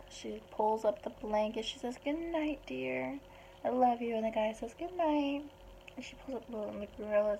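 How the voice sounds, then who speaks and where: A woman retelling a picture book story aloud in a chatty, animated way. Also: a little high, creaky, a little hiss or hum, low-quality recording. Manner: chatty, animated, puts on small voices for the animals.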